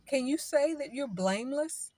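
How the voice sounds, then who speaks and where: A woman's voice: sits high, lively intonation, moderate pace, warm tone. A woman giving spiritual advice in an informal, preaching way, talking in a chatty style that repeats phrases and acts out what other people say.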